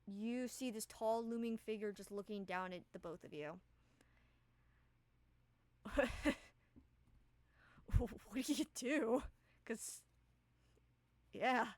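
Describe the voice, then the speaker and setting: A woman's voice: on the high side, slow pace, pauses often, no room sound. A woman narrating as game master of a tabletop game, casual and full of fillers.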